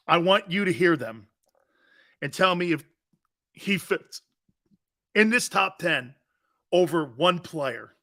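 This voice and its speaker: Sports talk host, male, bright voice, lively delivery that swings high and low, teasing and laughing. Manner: animated, teasing, laughs often, mock apologies. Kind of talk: live sports talk show, reading viewer comments.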